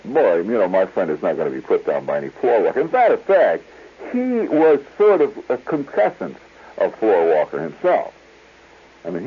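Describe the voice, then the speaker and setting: Man, deep voice, lively swings in pitch, husky, tinny old radio broadcast. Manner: digressive, chuckling raconteur. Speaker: radio host. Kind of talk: rambling storytelling monologue.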